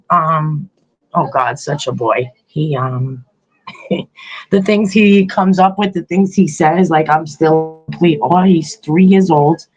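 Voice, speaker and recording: A woman's voice: deep voice, darkish tone, husky, muffled recording. An older woman, a grandmother, hosting a podcast in loose, rambling casual chat, laughing often as she talks. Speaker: podcast host.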